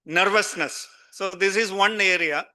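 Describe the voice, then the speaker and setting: Bright, crisp Indian English lecturer. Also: male voice, sits high, measured pace. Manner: conversational, direct, addresses audience with questions. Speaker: guest lecturer at a conference. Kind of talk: conference lecture to students.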